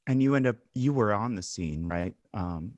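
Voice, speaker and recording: A man's voice: on the low side, lively intonation, moderate pace, a little mellow, no echo, muffled recording. A man co-hosting a podcast, adding commentary in a casual, interjecting way. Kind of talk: conversational commentary.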